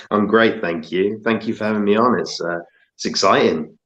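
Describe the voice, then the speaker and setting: A man's voice: lowish voice, moderate pace, a bit bright, muffled recording. A man from England with an English accent, guesting on a live stream with dry, wry humor. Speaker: guest YouTuber. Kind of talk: casual chat.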